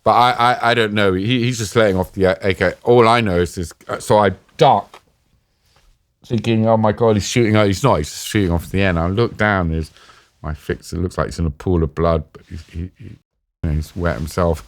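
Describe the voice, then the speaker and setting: Male guest, lowish voice, dry close sound, lively storytelling. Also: a little fast, no room sound. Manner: animated, acts out quotes with swearing. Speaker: interview guest, former hostage. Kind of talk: casual storytelling.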